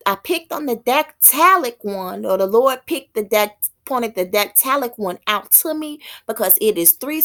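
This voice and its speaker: Slow, halting woman preaching. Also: high-pitched, a bit bright. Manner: halting, thinking aloud, restarts and reads aloud. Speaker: self-styled prophetess. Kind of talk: slow spoken teaching.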